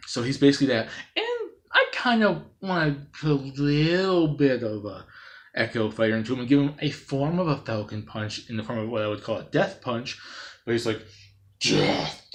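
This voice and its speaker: Excitable rambling man pitching game ideas. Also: moderate pace. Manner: rambling and excitable, many fillers and restarts; bursts into loud playful sound effects. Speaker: gaming video creator. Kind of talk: unscripted gaming commentary.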